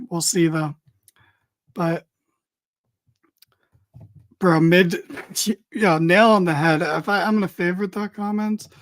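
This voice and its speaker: A woman giving a casual, opinionated wrestling recap, blunt and swearing freely as she reads viewer comments. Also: lowish voice. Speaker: wrestling show reviewer.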